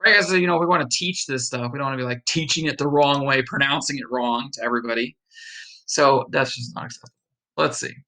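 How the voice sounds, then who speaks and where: Guy muttering through his study notes, gravelly low-key voice. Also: fast talker, pushed and bright, low-quality recording. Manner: thinking aloud, practising pronunciation, reading course notes. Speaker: online study blogger. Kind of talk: casual screen-recorded study session.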